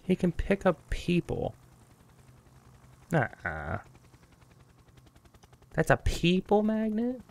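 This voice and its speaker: A man's voice: medium pitch, sing-song, takes it slowly, pauses often. A young man giving goofy, rambling commentary on a game, sometimes singing bits of a song. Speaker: let's play commentator. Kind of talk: casual gameplay commentary.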